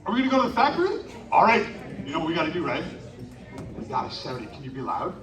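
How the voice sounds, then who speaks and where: A man hosting an interactive live storytelling show, animatedly coaxing the audience to shout along. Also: a little high, huge pitch swings, quick pace, music in the background. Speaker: live children's storytelling performer. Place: outdoor winter carnival stage. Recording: echoey, distant live stage recording with crowd. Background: audience noise.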